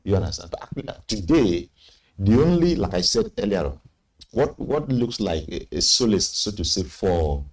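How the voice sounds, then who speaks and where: A man hosting a studio panel discussion, speaking emphatically with sudden upward leaps in pitch. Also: very animated, normal speed, darkish tone. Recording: slightly distant mic with faint noise.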